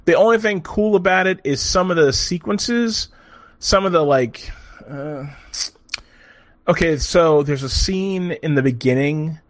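A man's voice: fairly high pitch, measured pace, no echo. A man casually griping about a bad comedy film, rambling and swearing, acting out scenes in quoted voices. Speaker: movie reviewer. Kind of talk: casual profane chat.

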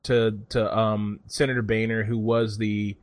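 Man, casual chat, profane, rambling, animated, dry close recording. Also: on the low side, unhurried, no echo.

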